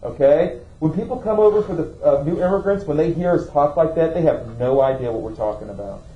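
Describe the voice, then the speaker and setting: A man's voice: a little high, animated, brisk, lo-fi sound. A man teaching a classroom lesson, asking students questions and checking in with "okay?". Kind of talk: classroom lecture.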